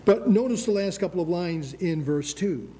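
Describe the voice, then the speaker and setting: A man's voice: sits high, expressive, moderate pace, dark tone. An older American man preaching a sermon, emphatic, with frequent restarts and calls of "Amen?". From United States.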